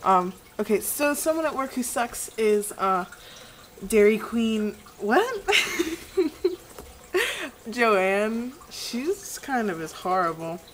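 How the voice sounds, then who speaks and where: A woman's voice: a little high, sing-song, takes it slowly, pauses often, a little hiss or hum, poor audio. A young woman chatting casually to her webcam, reading viewer questions aloud and rambling through puzzled answers. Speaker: vlogger.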